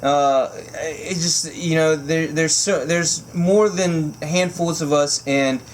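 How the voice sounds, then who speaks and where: A man unboxing a knife for his vlog, gushing and giggling, so excited he says it makes him emotional. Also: fairly high pitch, slow pace, slight background noise. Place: indoors at home by candlelight.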